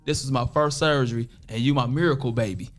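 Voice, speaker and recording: A man's voice: mid-range voice, fast, faint music behind. A man from Toledo, Ohio, a podcast guest, telling a story in casual, profane street slang and acting out other people's lines. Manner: animated, acts out other people's voices in quotes.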